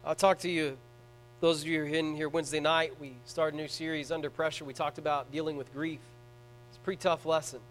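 A man preaching a sermon in a church, swinging between hushed, tender passages and loud, fervent ones. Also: fairly high pitch, little pitch movement, quick pace, slight background noise, rough recording. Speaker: pastor.

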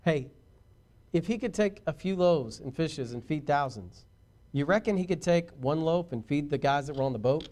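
Male pastor, sermon, high voice, animated, chatty asides to the congregation. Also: normal speed. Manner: animated preaching, swings from shouting to hushed.

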